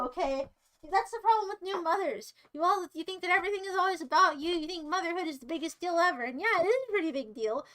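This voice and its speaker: A woman's voice: high-pitched, a bit bright, poor audio. A young American woman streaming live, chatting with her viewers in a playful, teasing, rambling way. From United States. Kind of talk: casual livestream chat to viewers.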